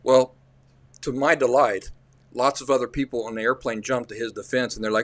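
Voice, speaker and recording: A man's voice: medium pitch, fairly even intonation, fairly quick, dry recording. A man with an Appalachian accent, hosting a livestream and telling rambling, folksy stories in a casual way. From central Appalachia. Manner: rambling, folksy, restarts often. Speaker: livestream host.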